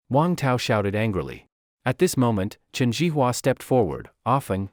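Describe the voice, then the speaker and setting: A man's voice: mid-range voice, big pitch swings, moderate pace, darkish tone, no echo, studio quality. A man narrating a comic story recap in a dramatic storytelling manner.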